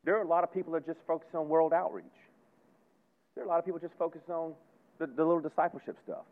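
A man preaching a sermon as pastor, folksy and emphatic, repeating phrases and swinging between loud and hushed. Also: a little high, flat delivery, fast. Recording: tinny phone-like sound.

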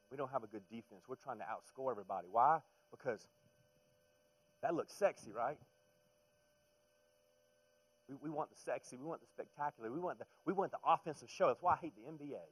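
A middle-aged man delivering a sermon in a mid-range voice. He talks conversationally, sinking to near-hushed lines and then climbing into loud, emphatic runs. He stumbles over and repeats his words as he presses his points. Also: medium pitch, fast talker, breathy edge, rough recording. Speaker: pastor.

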